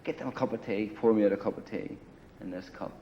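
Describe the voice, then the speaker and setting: On dull, lo-fi 1980 film audio with a slight hiss or hum, a fairly low-voiced man talks fast. He's being interviewed in a grungy apartment, casually spinning a long war story that rambles, swears freely and leans on "you know" and "right."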